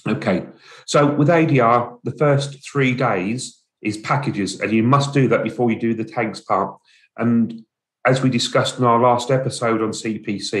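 An English man co-hosting a podcast in casual chat. His voice sits at a middle pitch, and he talks in short, plain, down-to-earth remarks. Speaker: podcast co-host.

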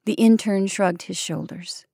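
A woman reading a short story aloud in a measured, soft-spoken way. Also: medium pitch, creaky, slightly rough, no echo, clean studio sound. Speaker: narrator.

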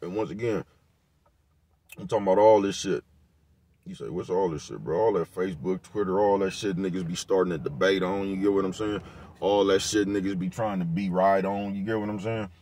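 A man's voice: sits low, brisk, darkish tone. Laid-back man ranting in slang. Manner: laid-back, repetitive, peppered with slang and profanity. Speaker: vlogger giving commentary. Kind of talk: casual rant to camera.

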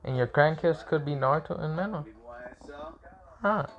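A man's voice: a little high, moderate pace, dull audio, faint music behind, voice pushed up, close to an everyday voice. A man voicing a puzzled elderly village leader who answers questions in a bewildered way in a casual fan story. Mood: baffled.

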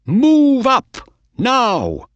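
A man voicing an excitable racehorse owner in a storybook reading, crying out loudly as his horse runs. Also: mid-range voice, extremely slow, no echo, muffled recording, pitched above the performer's own voice, heavily acted. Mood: thrilled. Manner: loud, excited cries. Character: excitable male racehorse owner, cold then thrilled.

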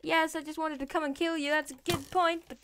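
A woman's voice: high voice, steady tone, a little fast, background noise. A woman giving casual Minecraft gameplay commentary, chatting to the mobs and villagers and swearing playfully as she goes. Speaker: Minecraft let's player.

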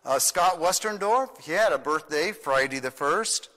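A man's voice: fairly high pitch, animated, a little slow, bright, forceful tone, in a large hall. An older man, a pastor, singing a children's song and giving church announcements in a folksy, playful way. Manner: sings with guitar, folksy and playful.

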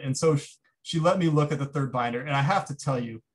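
A man's voice: fairly high pitch, quick pace. Man telling a story in a keynote. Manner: anecdotal, conversational with restarts. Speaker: keynote speaker. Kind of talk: storytelling lecture.

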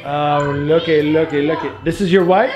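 A man and father hosting a casual family home-tour vlog, excitable and full of exclamations as he talks to his kids and viewers. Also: fairly high pitch, moderate pace. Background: background music.

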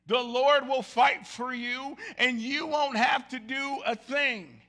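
A middle-aged man preaching a lively sermon, jumping between shouted lines and low, quiet asides. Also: slow pace. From Southern United States. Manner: animated storytelling, swinging from loud shouts to low murmurs. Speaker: pastor. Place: church sanctuary.

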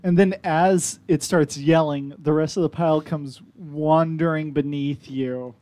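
Relaxed man running a tabletop game. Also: fairly high pitch, unhurried, no room sound. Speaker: game master.

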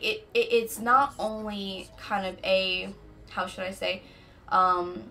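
A woman's voice: mid-range voice, vocal fry, a bit bright. A young adult woman hosting a casual faith-based talk, chatty and full of "you know what I'm saying.". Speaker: podcast host.

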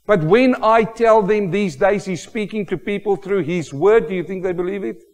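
A man preaching a sermon with emphatic, exclamatory delivery, building to loud rhetorical questions. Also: high-pitched, moderate pace, big-room sound. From Australia. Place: church hall.

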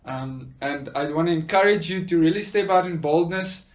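A man's voice: a little high, moderate pace. A man sharing a personal faith testimony, earnest and often hesitating with fillers.

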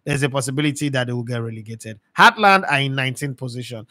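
A man with a Nigerian accent hosting a sports talk show, talking in a lively, emphatic way and often repeating words. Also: mid-range voice, fast talker, dry recording.

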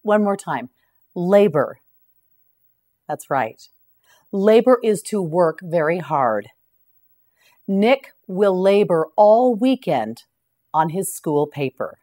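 A woman teaching English vocabulary in a slow scripted lesson, patiently repeating each word for the listener to echo. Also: fairly low pitch, big pitch swings, warm tone.

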